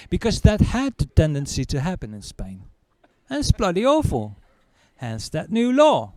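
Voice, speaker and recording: A man doing stand-up comedy, telling a story with animated, stammering, self-mocking delivery before a live audience. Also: high-pitched, moderate pace, dry recording.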